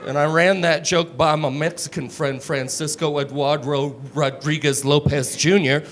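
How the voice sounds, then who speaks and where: A man doing a stand-up comedy set on a club stage, deadpan, crude and self-mocking, on a handheld mic. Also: fairly high pitch, moderate pace. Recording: live stage mic with room noise.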